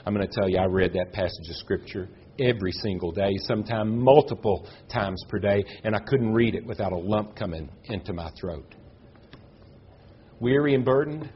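A man preaching a sermon in an earnest way, pausing for effect and lifting his voice on key words. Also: lo-fi sound, slight background noise. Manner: earnest, with dramatic pauses and rises in pitch.

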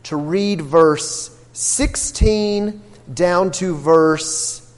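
A man's voice: high-pitched, extremely slow, in a large hall. A man teaching an interactive Bible class, asking the group questions and acting out what the characters say. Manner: questioning, emphatic, acts out quotes.

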